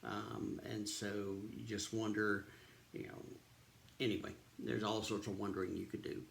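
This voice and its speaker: A man's voice: on the low side, flat delivery, unhurried, gravelly, a little hiss or hum. A man, a pastor casually retelling a Bible story in a devotional, with many ums and uhs.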